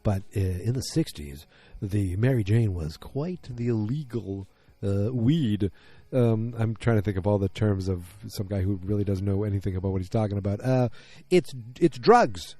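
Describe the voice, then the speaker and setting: A man's voice: lowish voice, expressive, moderate pace, dark tone, no room sound. A man from Massachusetts giving a rambling, casual recap of a TV episode, acting out characters' lines in little voices.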